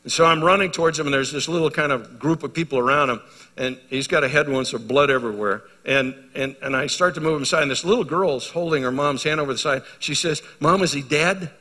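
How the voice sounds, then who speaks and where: A man's voice: a little high, fast. Male pastor preaching in a big echoey hall. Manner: storytelling, swinging from hushed to loud and emphatic. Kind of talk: sermon. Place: church hall. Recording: reverberant church hall.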